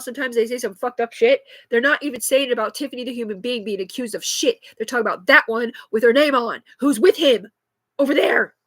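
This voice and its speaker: A woman's voice: high voice, a bit bright, no room sound. A woman, likely in her thirties, talking agitatedly and rambling with heavy swearing in an unscripted live stream on a phone. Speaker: livestreamer.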